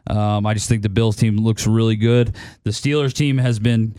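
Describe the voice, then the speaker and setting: A man's voice: lowish voice, fairly even intonation, normal speed, clear, resonant tone, no room sound. A man hosting a casual sports betting chat, laying out his picks in a laid-back way. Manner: laid-back, weighs each pick out loud. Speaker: podcast host.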